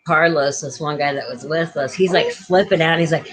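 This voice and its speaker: A woman's voice: low voice, moderate pace, poor audio. Blunt, foul-mouthed storytelling woman. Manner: blunt and profane, acting out quoted voices. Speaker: nurse. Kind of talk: casual chat.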